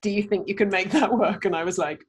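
A woman's voice: mid-range voice, fast. Chatty woman acting out quotes. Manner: lively, chatty, acts out quotes. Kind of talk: casual business chat.

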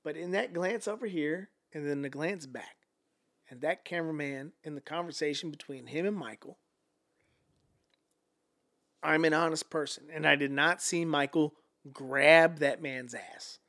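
A man who is a guest on a podcast, telling stories casually in an animated way, swearing freely and acting out quotes. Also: a little high, unhurried. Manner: animated, profane, acts out quotes. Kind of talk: casual storytelling.

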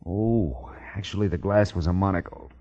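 An actor playing a dry, wisecracking hard-boiled private detective in a 1950s radio drama. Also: male voice, deep voice, normal speed, dark tone, close to an everyday voice. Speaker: narrator and lead detective. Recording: dull lo-fi 1950s radio broadcast.

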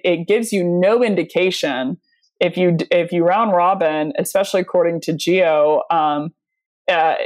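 Chatty lady sales guest, laughs a lot, lowish voice, lots of likes and you knows. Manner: chatty, anecdotal, laughs often, many fillers. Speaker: podcast guest, sales leader. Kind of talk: casual conversational interview.

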